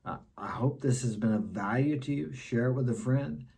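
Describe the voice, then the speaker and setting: A man's voice: mid-range voice, moderate pace, gravelly, mellow, husky. A middle-aged man giving blunt dating advice in a casual monologue, repeating his key points.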